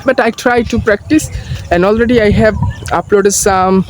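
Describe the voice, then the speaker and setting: A young man with a Bangladeshi accent speaks earnest, halting English, restarting his sentences as he walks past paddy fields. His voice sits fairly high. He records on a phone on a selfie stick, and clear outdoor noise is heard behind him. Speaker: vlogger practicing English. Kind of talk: casual walking vlog.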